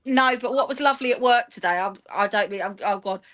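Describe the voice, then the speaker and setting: A woman, telling an animated, rambling story in an interview and acting out the dialogue. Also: fairly high pitch, quick pace, crowd noise. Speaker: guest, football fan and teacher.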